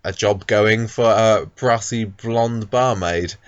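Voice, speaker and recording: A man's voice: on the low side, slow, clear, resonant tone, dry recording, highs cut off. A man co-hosting a casual podcast, talking about a soap character with lots of ums and restarts. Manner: hesitant, many ums and restarts. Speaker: podcast co-host.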